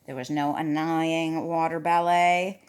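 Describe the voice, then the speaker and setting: A woman's voice: low-pitched, flat delivery, slow pace, darkish tone, smooth. A woman reading a picture book aloud to a child, chatty and playful, stopping to talk about the pictures. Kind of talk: storybook read-aloud to a child.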